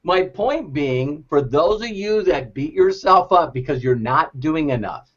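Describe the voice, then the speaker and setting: A man giving a lively, laughing motivational talk to a group, acting out quoted voices. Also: fairly high pitch, unhurried. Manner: animated, laughing often, acts out quoted voices. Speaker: motivational speaker. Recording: dull lo-fi recording.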